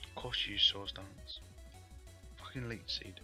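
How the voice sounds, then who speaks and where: A man's voice: fairly low pitch, steady tone, measured pace, bright, forceful tone, faint music behind. A man giving frustrated live gameplay commentary, swearing often and breaking into angry outbursts. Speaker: gaming YouTuber.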